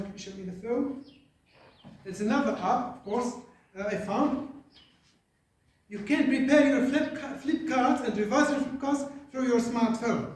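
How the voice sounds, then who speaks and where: Recorded from a distance in an echoey classroom, an English teacher from Algeria gives a lesson. His voice is very high-pitched with a darkish tone, and his delivery is halting and filler-heavy, punctuated by "right?".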